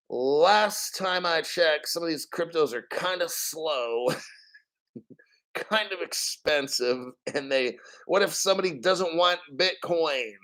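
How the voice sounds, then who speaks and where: A man's voice: a little high, a bit bright. A man hosting a casual crypto livestream, talking in a profane, emphatic rant full of rhetorical questions. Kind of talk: casual live-stream rant.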